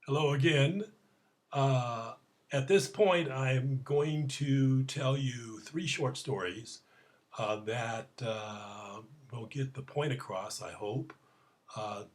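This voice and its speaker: A man addressing his audience in a casual spoken message, pausing often with "uh" and telling jokes, with loud, high acted-out cries for the people in his stories. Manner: halting, many "uh" fillers, acts out quoted voices loudly. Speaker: program creator telling stories.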